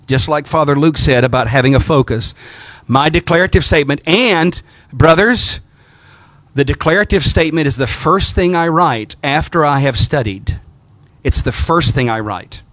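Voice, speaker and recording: A man's voice: a little high, normal speed, a bit bright, dry recording. A middle-aged man from the American South with a Southern accent, a priest teaching clergy how to preach, with folksy storytelling and repeated phrases. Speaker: Orthodox priest teaching homiletics.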